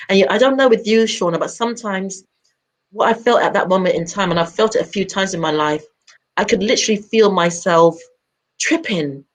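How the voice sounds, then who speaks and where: A woman talking in a radio chat, reflective and encouraging as she shares personal experience. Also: mid-range voice. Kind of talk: casual chat.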